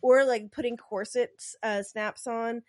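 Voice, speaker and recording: A woman's voice: a little high, fairly even intonation, unhurried, a little mellow, no room sound, studio quality. A woman co-hosting a podcast, chatting casually and rambling with lots of filler words. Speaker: podcast co-host.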